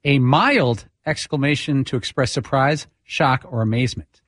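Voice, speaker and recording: A man's voice: medium pitch, normal speed, fairly bright tone, no echo. A man on a sports talk show crew, cracking dry jokes in casual banter. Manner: dry, joking.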